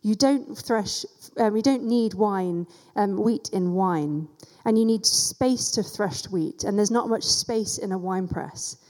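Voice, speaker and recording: A woman teaches scripture in a relaxed, conversational sermon and drops casual asides along the way. Her voice is warm and mellow. The sound rings out with a long reverb, as in a large hall. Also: medium pitch, unhurried, hardly any pauses. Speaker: church teacher.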